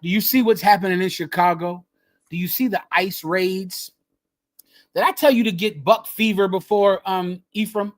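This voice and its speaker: A man leading a group and preaching in a fiery, emphatic way, repeating his phrases and swinging from loud bursts to hushed lines. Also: high-pitched, normal speed. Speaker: group leader teaching scripture. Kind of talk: fiery street-style preaching.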